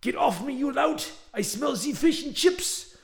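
A man's voice: very high-pitched, lively intonation, unhurried, creaky, voice pushed up, heavily acted. A man voicing a snobbish, indignant Frenchman in a storybook reading.

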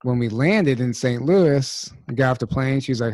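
A man's voice: mid-range voice, fairly quick, hardly any pauses, a little mellow, no echo. A man in casual conversation, telling a story with repeated "I said" and "she goes".

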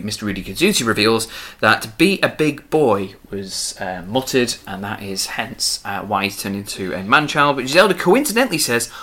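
Bright, lively man recapping a show. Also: mid-range voice. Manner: animated recapping, acting out quotes with laughs. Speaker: podcast co-host recapping an episode. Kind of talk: casual chat.

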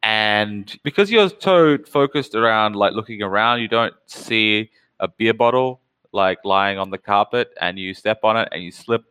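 A male game master narrating a tabletop game, piling up details as he sets each scene. His voice is bright and smooth, recorded close with a dry sound. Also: lowish voice, normal speed, no room sound. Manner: descriptive, fond of lists of details.

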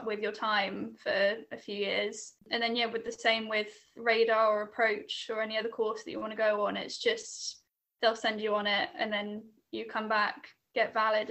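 Young woman, flat chatty voice. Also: medium pitch. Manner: chatty, explains with many fillers and restarts. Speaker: air traffic control assistant. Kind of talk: casual interview chat.

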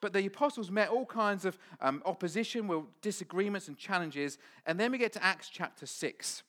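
A man's voice: sits high, a little fast, a bit bright. A man preaching a sermon, telling stories with animation and acting out the voices of the people in them.

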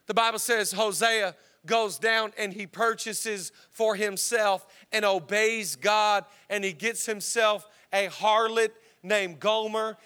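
A man's voice: high voice, pushed and bright. A male pastor preaching a sermon to a congregation, storytelling and building to passionate, rhythmic repetition. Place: church service before a congregation.

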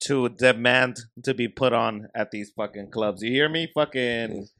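A man's voice: medium pitch, measured pace, pushed and bright. A man who is a guest comedian, dropping wry, joking asides in a casual podcast chat.

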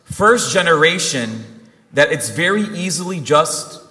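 A man's voice: a little high, lively intonation, a little slow, bright, forceful tone. A young man, a priest, giving an earnest Christmas sermon and telling a family story with quoted dialogue. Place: church. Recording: long reverb of a church hall.

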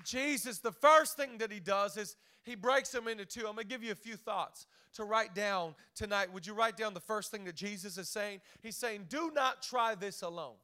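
A young man preaching an energetic, joking sermon to a church crowd, talking fast with lots of "like" and restarts. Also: sits high, clear, resonant tone. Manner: hyped, quick, lots of "like" and restarts. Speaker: guest preacher.

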